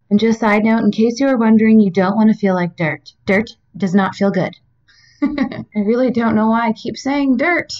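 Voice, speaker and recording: A young woman talks through wellness advice in a casual, rambling way, full of little asides and fillers. Her voice sits fairly high. The sound is a bit distant from the mic and slightly dull. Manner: chatty and rambling, with many "like" fillers and side notes. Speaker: university staff member giving wellness advice. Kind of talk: casual self-help talk to camera.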